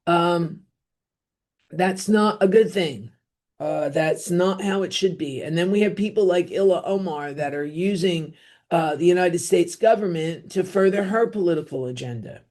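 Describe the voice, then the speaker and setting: A middle-aged woman with a New Jersey accent delivers an opinionated solo podcast monologue. Her voice is mellow and warm, and her tone is blunt and rambling, full of fillers and throwaway asides. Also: sits low. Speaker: podcast host.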